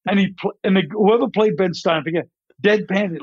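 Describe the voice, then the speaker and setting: Man, comedian guest, rambling animated storyteller, fairly high voice, dry dull studio sound. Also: fairly quick, dry recording. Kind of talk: casual interview storytelling.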